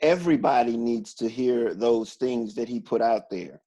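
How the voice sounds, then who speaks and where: A man joins a video call as a guest, a motivational teacher. He speaks at an ordinary, mid-range pitch and sounds calm and earnest, choosing his words reflectively. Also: normal speed. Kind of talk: casual video-call conversation.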